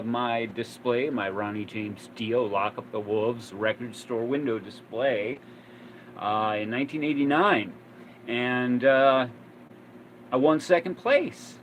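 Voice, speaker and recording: A man's voice: mid-range voice, fairly bright tone, a little hiss or hum, low-quality recording. Rambling man telling old stories. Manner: rambling, many fillers and restarts. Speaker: vlogger. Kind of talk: casual storytelling.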